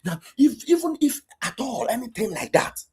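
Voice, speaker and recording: Fiery husky woman with Igbo Nigerian accent. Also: on the high side, very animated, moderate pace, warm tone. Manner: fiery, accusatory, raises voice at times. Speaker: online political commentator. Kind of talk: impassioned political rant.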